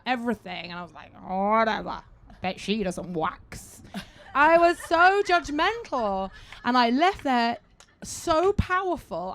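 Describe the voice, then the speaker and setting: A woman telling a blunt, swearing, self-mocking story to a live audience, acting out her own thoughts. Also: a little high. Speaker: panel speaker at a live event.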